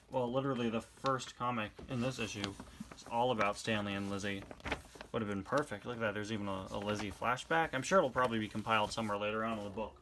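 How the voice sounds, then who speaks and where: A man's voice: mid-range voice, a bit bright. A young man reviewing a comic book in casual read-along commentary, full of chatty, wry asides.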